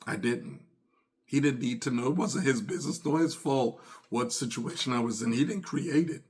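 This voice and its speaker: A man's voice: medium pitch, moderate pace. A middle-aged man hosting a podcast, speaking earnestly and reflectively, often repeating phrases and acting out remembered conversations. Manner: earnest, repeats phrases, acts out quoted dialogue. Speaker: podcast host. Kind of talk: reflective personal talk.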